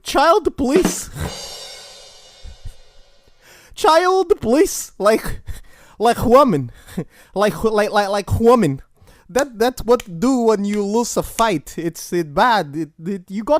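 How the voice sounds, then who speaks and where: Slow-talking host with a mock Russian accent. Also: mid-range voice, no room sound, studio quality. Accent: put-on mock Russian accent. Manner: broken English, halting restarts, chuckling at own jokes. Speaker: host of a weekly recap. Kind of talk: comedic joke-telling monologue.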